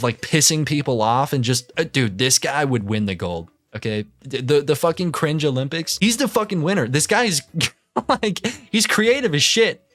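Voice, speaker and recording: A man's voice: on the high side, a bit bright, no room sound. A man doing casual reaction commentary, ranting in disbelief and swearing constantly. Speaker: commentary youtuber.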